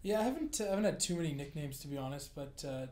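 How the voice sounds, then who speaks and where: A Canadian man chatting as a podcast guest, relaxed and self-deprecating, often chuckling. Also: a little high, rapid-fire. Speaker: podcast guest, rugby player. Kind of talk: casual chat. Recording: roomy echo.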